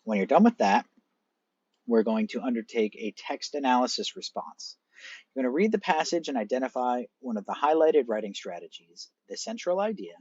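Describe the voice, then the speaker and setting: A man's voice: mid-range voice, a little mellow, husky, dry recording, lo-fi sound. A male teacher walking students through an assignment on screen, explaining each step conversationally and addressing them directly. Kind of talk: screen-recorded assignment walkthrough.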